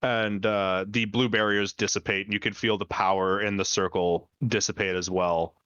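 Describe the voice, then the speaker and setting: A man with a low voice narrates a tabletop game as its dungeon master, piecing his descriptions together with fillers and restarts. The sound is dry and dull, with little room in it. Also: little pitch movement, moderate pace, a bit bright, clean tone, no echo.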